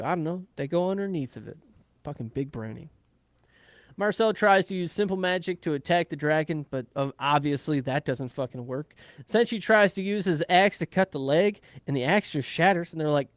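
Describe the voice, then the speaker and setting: A man's voice: a little high, brisk, no echo. A man casually recapping an anime episode, swearing freely and acting out characters' lines in playful asides. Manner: animated retelling with playful voiced asides. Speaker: podcast host recapping an anime.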